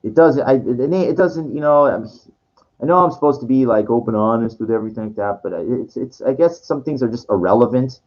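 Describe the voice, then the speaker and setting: A man's voice: mid-range voice, brisk, darkish tone. A man telling a long personal story in casual monologue, rambling and full of fillers and restarts. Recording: dull lo-fi recording.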